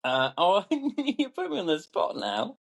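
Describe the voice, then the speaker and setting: A man's voice: sits high, huge pitch swings, a little slow, creaky. A man with an English accent in casual podcast chat, hesitant and full of restarts. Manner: hesitant, with many ums and restarts. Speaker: podcast co-host.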